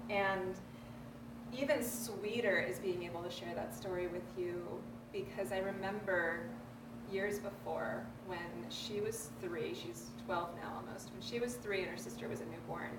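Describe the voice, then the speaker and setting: A woman's voice: mid-range voice, background noise. A middle-aged woman hosting a parenting workshop, telling personal stories earnestly to a live group. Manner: earnest, personal storytelling with laughs. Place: room with an audience. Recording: echoey room, voice from a distance.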